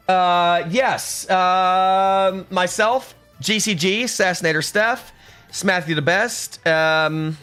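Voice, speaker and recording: A man's voice: high-pitched, a bit bright. A young man live-streaming, chatting casually with his viewers and reading out their comments, joking sarcastically and often restarting his sentences. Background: faint music.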